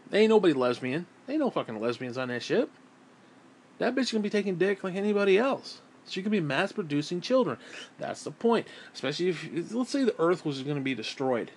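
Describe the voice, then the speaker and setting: A man ranting bluntly to camera in a crude, profane way while lying down at home. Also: a little high. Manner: crass, blunt, swears constantly. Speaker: vlogger.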